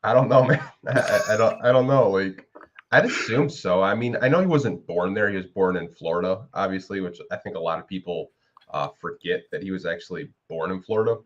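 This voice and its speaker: A man's voice: low-pitched, brisk, dull audio. A man co-hosting a casual sports podcast, rambling with lots of fillers as he talks basketball. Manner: rambling, many fillers like "you know". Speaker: podcast co-host.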